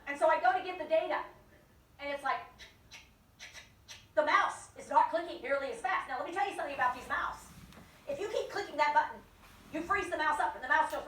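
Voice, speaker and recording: Woman teaching a dementia care class, high voice, pretty animated, echoey room and a bit off mic. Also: fairly quick, long pauses, distant mic, slight background noise. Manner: animated, acts out inner voices and jokes with the audience. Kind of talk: lively training talk to a live audience.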